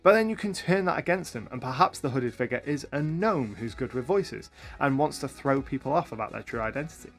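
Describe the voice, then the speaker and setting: A man hosting a tutorial for game masters, talking to camera with upbeat, lively energy. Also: mid-range voice, fairly quick, hardly any pauses, faint music behind. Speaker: YouTube host and game master.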